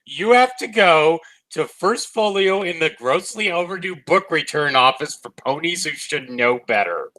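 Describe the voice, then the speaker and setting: A man co-hosting a casual review chat, laughing often and retelling scenes in quick quoted snippets. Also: on the high side, lively intonation, sharp tone, low-quality recording. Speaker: co-host of a cartoon review show.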